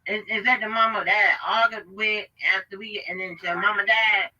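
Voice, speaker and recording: A man calling into a live stream for a casual chat, rambling and halting with frequent restarts. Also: high voice, steady tone, sharp tone. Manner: laughing, rambling, halting speech. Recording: distant muffled call audio.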